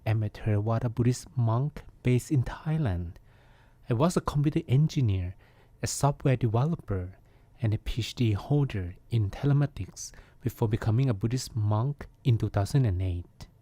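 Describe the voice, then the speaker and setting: A man, a Buddhist monk, hosting a podcast and giving a calm, reflective meditation talk. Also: medium pitch, moderate pace, dry recording.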